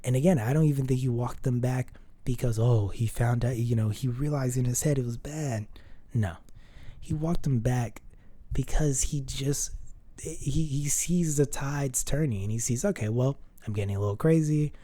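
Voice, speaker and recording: A man's voice: mid-range voice, a little slow, dark tone, no echo. A man hosting a solo podcast, giving casual, opinionated commentary with a ranting manner, frequent restarts and some swearing. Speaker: podcast host.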